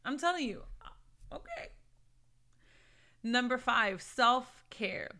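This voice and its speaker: An earnest Christian woman talks to her viewers in a casual vlog, calling them "sis" and "babe" as she encourages them. Her voice is bright and forceful. It sits a little high for a woman. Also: normal speed. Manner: earnest, encouraging, laughs between points; mixes in Spanish phrases. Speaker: Christian lifestyle vlogger. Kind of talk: casual motivational talk to camera.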